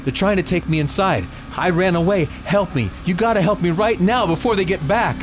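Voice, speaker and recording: A man's voice: sits high, a little fast, over music, voice pushed up, close to an everyday voice. A man doing a frantic screaming young man. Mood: pleading. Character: desperate young man dragged away screaming.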